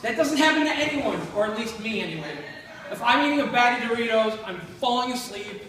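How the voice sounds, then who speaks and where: A man's voice: extremely high pitch, lively intonation, fairly quick, a bit bright. A man from Buffalo, New York, with a Western New York accent, doing a stand-up comedy set full of blunt, self-deprecating, crude jokes. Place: comedy club stage. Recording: very echoey room from far off, faint noise.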